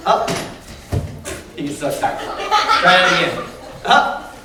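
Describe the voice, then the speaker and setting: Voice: medium pitch, animated, slow. An animal trainer presenting energetically to a library audience, calling out to the crowd and asking questions. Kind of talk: lively live presentation to children. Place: large indoor hall with an audience. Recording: echoey hall, distant mic, noisy crowd.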